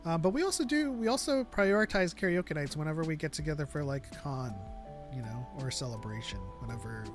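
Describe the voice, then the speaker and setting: A man's voice: a little high, expressive, brisk, faint music behind. A man co-hosting a fan podcast in casual chat, arguing his points at length and laughing often. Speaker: podcast co-host.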